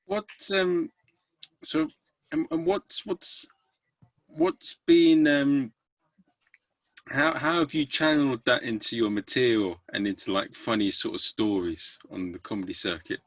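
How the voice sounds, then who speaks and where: Man, podcast host, mid-pitch, dry close sound, rambling and hesitant. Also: measured pace, dry recording. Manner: hesitant, rambling, many restarts. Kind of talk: casual interview chat.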